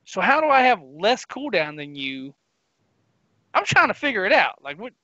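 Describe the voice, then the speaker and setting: A man's voice: high-pitched, sing-song, moderate pace, sharp tone, no room sound, highs cut off. A man co-hosting a gaming podcast, telling a long story in casual chat and acting out his friends' lines. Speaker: podcast co-host.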